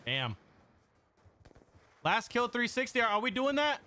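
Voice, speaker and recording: A young man commentating his own online match live, his voice high and bouncing all over its range. He swears and trash-talks with excitable energy. Faint game gunfire sits underneath. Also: measured pace, noisy background. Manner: excitable, profane trash talk to chat. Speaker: gaming streamer. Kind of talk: live-stream gameplay commentary.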